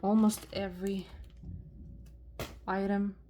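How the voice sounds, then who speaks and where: A woman with a Russian accent, unboxing thrifted jewelry in a soft-spoken vlog, slow and marveling at each find. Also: mid-range voice, little pitch movement, noisy background. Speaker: jewelry reseller vlogger.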